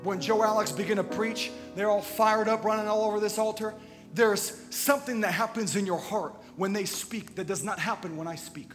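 Brief: male preacher, chatty sermon with faint music underneath, quiet confiding asides that build into big emphatic punches. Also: high-pitched, normal speed. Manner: conversational, swinging from quiet asides to loud emphatic bursts. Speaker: pastor. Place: church sanctuary. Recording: long church reverb with faint music.

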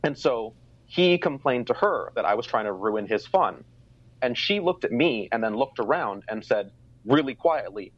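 A young man from Canada telling a personal story in a casual conversation, reflective, with many ums. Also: medium pitch. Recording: dry, slightly dull sound.

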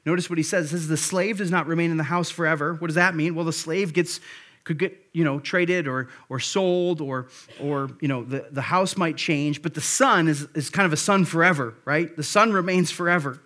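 A man preaching in a fairly high, conversational voice. He retells scripture in everyday words and works through his points with stops and restarts before pressing them home with emphasis. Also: normal speed, pushed and bright. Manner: frequent restarts and fillers, then builds to emphatic points. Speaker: pastor. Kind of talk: sermon.

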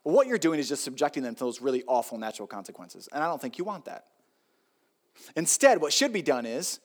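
Lively, joking male pastor preaching. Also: a little high, quick pace. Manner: conversational and joking, with emphatic repetition. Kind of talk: sermon.

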